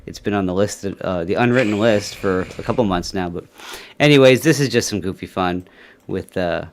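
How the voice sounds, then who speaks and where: A man's voice: sits low, moderate pace, a little hiss or hum. A man hosting a casual livestream, rambling with many fillers and little chuckles. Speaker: livestream host. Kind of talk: casual chat.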